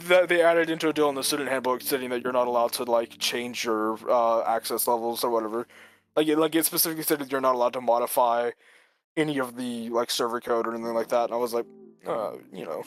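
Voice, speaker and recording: A man's voice: medium pitch, fairly bright tone, smooth. A man telling a long story in casual chat, rambling with lots of filler words and frequent chuckles. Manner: rambling, full of "like", chuckles often.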